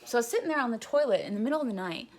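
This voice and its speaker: Telling the story of her jail time, a young woman races along in a fairly high, slightly mellow voice with lively intonation. Her casual account rambles, is full of profanity, and leans heavily on "like."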